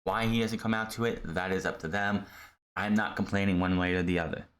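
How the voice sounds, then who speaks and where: A man's voice: deep voice, fairly even intonation, brisk, fairly bright tone. Blunt, exasperated man reviewing wrestling. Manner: blunt, exasperated, rambling with restarts. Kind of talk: casual solo commentary.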